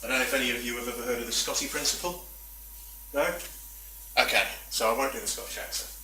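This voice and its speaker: A man's voice: medium pitch, fairly even intonation, quick pace, bright, forceful tone, a little hiss or hum. A man giving a chatty, self-deprecating talk at a meetup, full of rambling asides. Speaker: conference speaker. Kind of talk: presentation talk. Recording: echoey room from far off.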